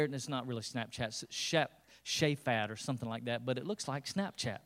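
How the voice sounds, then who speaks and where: A man's voice: medium pitch, a little fast, few pauses. A man preaching a sermon as the pastor, retelling scripture in a casual, humorous way with playful character voices.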